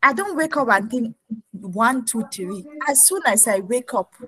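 A woman preacher delivering a lively sermon, mimicking her congregants and laughing often. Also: a little high, a little slow, crowd noise, rough recording.

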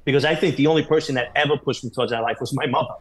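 A man's voice: medium pitch, fairly bright tone, poor audio. A man as a podcast guest telling candid stories in a blunt, profane way, full of fillers. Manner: rapid, blunt, profane, filler-heavy storytelling. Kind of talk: candid storytelling interview.

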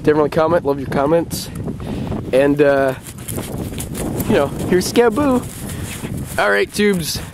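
A man filming his dog on a rural front lawn and calling to her in high sing-song calls with chuckling asides. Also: expressive, unhurried, pauses often. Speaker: vlogger. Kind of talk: casual vlog, playing with his dog. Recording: outdoor recording with clear background noise.

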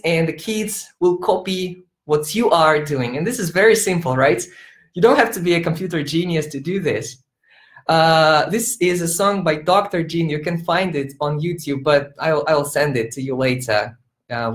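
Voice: medium pitch, reverberant. A teacher trainer giving an online conference workshop, playfully demonstrating classroom games by singing and acting out sample lines over a laptop microphone on a video call. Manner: playful, switches into sung and acted teacher voices for demos.

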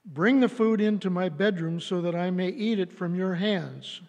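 A man's voice: sits high, normal speed, darkish tone, in a large hall. A man reading as a selfish lovesick prince. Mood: pleading.

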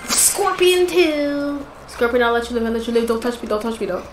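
A woman's voice: on the high side, level tone, very fast, reverberant, soft background music, low-quality recording. A woman hosting a gaming channel, chatting casually and exclaiming in frustration as she plays. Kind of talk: casual gameplay commentary.

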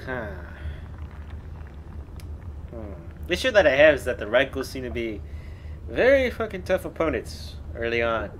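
A man's voice: medium pitch, sing-song, moderate pace, pauses often, fairly bright tone, a little hiss or hum. A man streaming a game live, casually muttering and swearing as he plays. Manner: casual, profane, muttering to himself. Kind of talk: live gameplay commentary.

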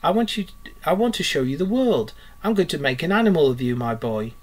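A man voicing a boastful, excitable male toad gentleman in a grand, pompous manner, read aloud from a storybook. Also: fairly high pitch, fairly quick. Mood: coaxing.

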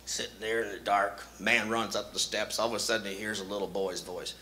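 A man doing stand-up comedy and telling crude jokes in a punchy, quick setup-and-punchline way. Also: fairly low pitch, flat delivery, bright, forceful tone, slight background noise.

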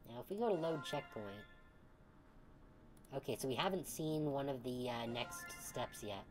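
Low-voiced playful woman game streamer. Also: expressive, normal speed, music in the background. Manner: playful, joking, laughs often. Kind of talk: casual let's-play commentary.

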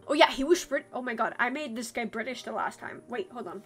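A woman's voice: a little high, expressive, fast, hardly any pauses, a bit bright, husky, soft background music. A woman playing a game and reading its dialogue aloud in put-on voices, breaking off to chat about it. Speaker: game streamer.

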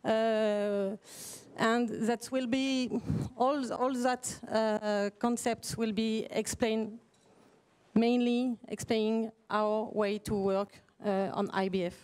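A woman's voice: fairly high pitch, steady tone, slow, darkish tone, clear, resonant tone. A woman with a French accent, a native French speaker, giving a conference presentation in a hesitant way, with many fillers and restarts.

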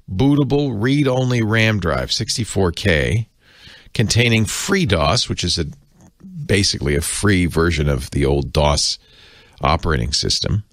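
Chatty male tech commentator, low voice, lively swings, dry close mic. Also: dry recording. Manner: chatty, jokey, does silly voices for gadgets.

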